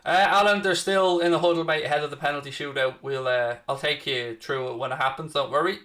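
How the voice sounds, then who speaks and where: Young bloke doing a live football watchalong, bright voice, chatting to viewers by name. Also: male voice, fairly high pitch, fairly even intonation, fast talker. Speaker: watchalong host. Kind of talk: live stream commentary and chat.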